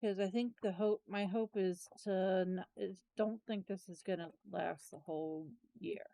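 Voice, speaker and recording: Slow, mellow-voiced woman chatting tiredly. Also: medium pitch, fairly even intonation, creaky, no echo. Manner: rambling, trailing off, with self-corrections and asides. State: tired, yawning. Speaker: planner vlogger. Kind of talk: casual chatty planner walkthrough.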